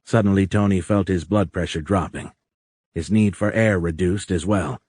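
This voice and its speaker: Deep voiced guy reading an audiobook, slow and even, dry close mic. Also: breathy edge, no echo. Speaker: audiobook narrator. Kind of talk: scripted audiobook narration.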